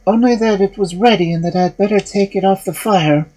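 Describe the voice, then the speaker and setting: A man's voice: high-pitched, fairly quick, darkish tone, pitched above the performer's own voice, rough recording. A man voicing a frightened but clever young maiden in a storybook reading. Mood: nervous.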